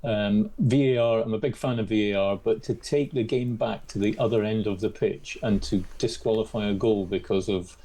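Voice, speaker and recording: A man's voice: fairly low pitch, steady tone, moderate pace, hardly any pauses, dark tone. A Scottish man, a sports journalist, telling stories and giving strong opinions as a guest on a radio interview. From Scotland. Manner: chatty, anecdotal, opinionated.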